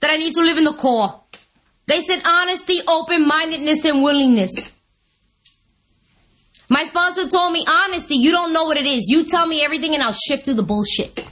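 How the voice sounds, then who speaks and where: A woman's voice: high voice, brisk. A woman speaking at a recovery meeting, giving a humorous testimony and acting out the voices of people she quotes. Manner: lively, animated, acts out voices and laughs often.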